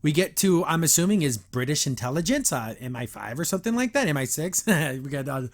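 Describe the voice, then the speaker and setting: A man hosting a podcast, reviewing a cartoon episode in an animated, chatty way, often laughing and restarting. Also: fairly high pitch, fairly quick. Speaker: podcast host.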